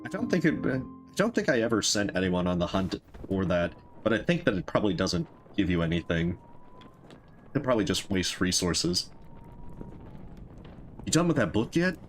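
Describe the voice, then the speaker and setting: Guy doing a lets play, reads all the character lines in silly voices, lively ups and downs, soft game music behind. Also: low voice, fairly quick. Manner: reads dialogue in put-on voices, laughs at own lines. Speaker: game streamer voicing characters. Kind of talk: let's play commentary with amateur character voices.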